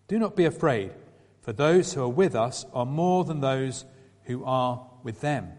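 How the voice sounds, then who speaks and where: A man reading a scripture passage aloud in a measured way, lifting his voice a little for quoted speech. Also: mid-range voice, expressive, a little mellow. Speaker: scripture reader. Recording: long reverberant hall.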